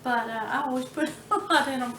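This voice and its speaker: A woman with a high-pitched voice hosts a cooking channel, chatting through a casual vlog in her home kitchen. She's warm, slow and homey, laughing often as she talks. The audio sounds roomy with slight background noise.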